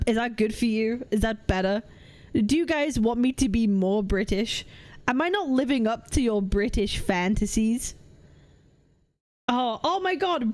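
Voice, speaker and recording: A young Welsh woman with a Welsh accent, chatting casually on a live stream and answering her chat with animated disbelief. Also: on the high side. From Wales. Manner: animated, incredulous, teasing chat. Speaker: VTuber streamer.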